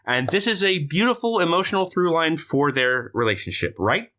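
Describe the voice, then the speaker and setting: A man's voice: a little high, lively intonation, normal speed, bright, forceful tone. A man co-hosting a podcast, recapping a movie in casual chat and acting out lines with funny voices. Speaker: podcast co-host.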